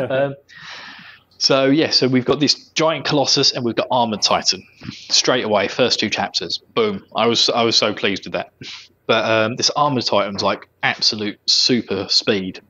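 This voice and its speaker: A man's voice: mid-range voice, steady tone, normal speed, pushed and bright, breathy edge, dull audio. A man co-hosting a casual podcast, chatting loosely and laughing often. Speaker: podcast co-host. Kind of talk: casual chat.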